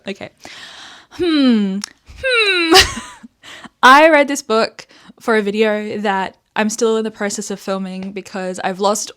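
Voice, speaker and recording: A young Australian woman hosting a casual book vlog, animated and sweary as she rants, with frequent laughs. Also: mid-range voice. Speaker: book reviewer host.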